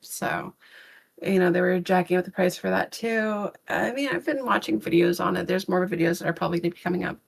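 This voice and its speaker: A woman's voice: lowish voice, steady tone, brisk, gravelly. A woman co-hosting a podcast who rambles through a casual, exasperated rant, full of fillers and restarts, with blunt swearing. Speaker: podcast co-host.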